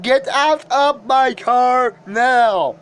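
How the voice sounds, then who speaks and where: A performer voicing a furious driver who yells at a passenger in a comedy skit. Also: high-pitched, drawn-out words, clean tone. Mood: angry. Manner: shouts and yells, breaking into cries. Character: furious yelling rideshare driver.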